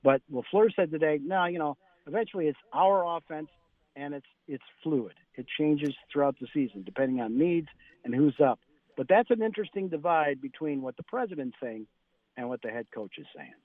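A male sports reporter phoning in to a radio show. The line is thin and phone-like, his voice a touch high and dry. He tells practice stories in animated bursts, acting out what the coaches said. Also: brisk, no room sound.

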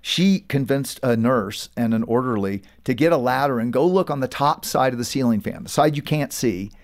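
A man's voice: mid-range voice, normal speed. A man, a pastor and author, earnestly recounting stories as a guest in a faith interview. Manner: earnest, storytelling.

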